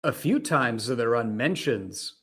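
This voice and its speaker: Relaxed halting male podcast host. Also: mid-range voice, slightly rough. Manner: relaxed, halting, restarts, wraps up segments. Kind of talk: casual comic book chat.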